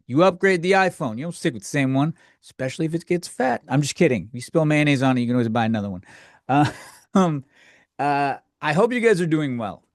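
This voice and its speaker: A man's voice: mid-range voice, dry recording, clean studio sound. A man hosting a podcast, delivering a comedic rant in a provocative, offhand way and brushing things off as jokes. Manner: provocative, offhand, quick to say just kidding. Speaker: podcast host.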